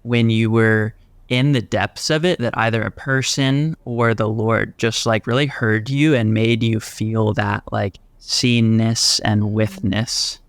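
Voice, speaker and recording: Guy hosting a podcast, reflective, smooth voice, dry sound. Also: on the low side, steady tone, slow pace, no echo. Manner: reflective, thoughtful questioning. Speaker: podcast host. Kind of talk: casual interview talk.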